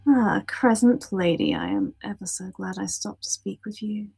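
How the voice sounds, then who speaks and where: A fawning courtier who gushes with overly polite delight. The voice is high and gravelly with a mellow, husky edge. It sounds dry and close. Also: male voice, very animated, normal speed, dry recording, faint music behind, full character voice. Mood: gushing.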